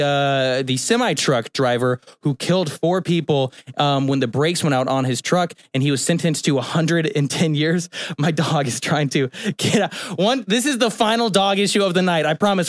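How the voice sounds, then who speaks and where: A man's voice: on the high side, normal speed, dry recording. A young man hosting a live radio talk show into a studio microphone, chatting in an upbeat, rambling way. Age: young adult.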